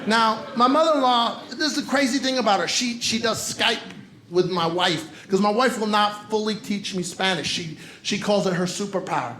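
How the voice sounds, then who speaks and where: A man's voice: high-pitched, moderate pace, sharp tone. A man doing a stand-up comedy set, teasing the audience with punchy crowd work. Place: comedy club stage. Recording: roomy club with crowd noise. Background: audience laughter.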